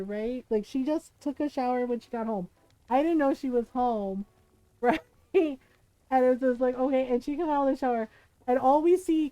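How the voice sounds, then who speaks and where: High-voiced woman telling a story on stream. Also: no echo, low-quality recording. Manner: animated, laughs often, says "right?" often. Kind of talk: casual storytelling on a live stream.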